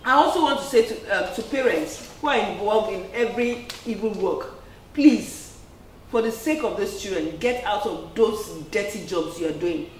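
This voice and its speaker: A woman's voice: mid-range voice, expressive, moderate pace, slight background noise. A woman preacher giving an earnest sermon, peppered with "amen" and "praise the Lord". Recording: echoey room, distant mic.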